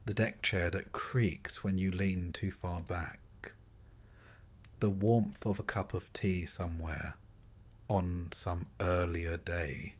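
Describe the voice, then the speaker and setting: Guy with a lowish voice reading a bedtime history story, calm and even. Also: takes it slowly. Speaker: narrator. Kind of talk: scripted sleep-story narration.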